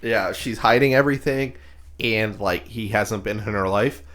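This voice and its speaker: A man's voice: fairly low pitch, normal speed, a bit bright, slight background noise. A man co-hosting a podcast, throwing in sarcastic quips and reactions. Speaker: podcast co-host. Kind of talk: casual podcast banter.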